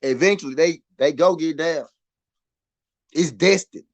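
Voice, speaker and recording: A man with a Southern US accent hosting a casual live boxing chat, animated and repetitive, swinging from muttering to loud outbursts. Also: on the high side, unhurried. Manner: animated, swings from muttered to shouted, laughs often, repeats himself. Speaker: boxing show host.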